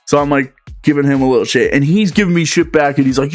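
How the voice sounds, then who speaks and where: A man's voice: a little high, fast talker, faint music behind. A young man telling a rambling, exasperated story as a talk show host, full of swearing and filler words. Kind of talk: ranting storytelling.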